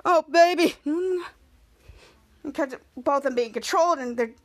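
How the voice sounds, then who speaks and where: A woman's voice: sits high, unhurried. A woman podcast host recapping a TV episode scene by scene, casually stringing together "cut to" after "cut to".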